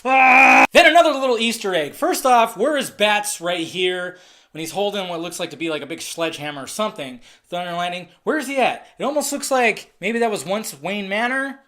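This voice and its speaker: Male trailer reviewer, casual and excitable, swears a lot, thinks out loud. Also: high-pitched, normal speed. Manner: excitable, profane, rambling speculation. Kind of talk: casual video commentary.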